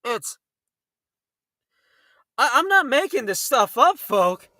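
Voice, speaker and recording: Male talk radio host, very high and bright voice, heated storyteller who acts out quotes. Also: big pitch swings, slow, no echo, clean studio sound. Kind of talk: late-night talk radio monologue.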